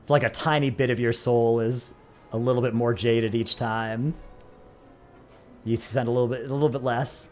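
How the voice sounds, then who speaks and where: A man's voice: mid-range voice, fairly even intonation, moderate pace, a little mellow, faint music behind. A man from the United States, chatting casually on a live stream, rambling and joking at his own expense. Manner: rambling, self-mocking, joking. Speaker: streamer answering chat.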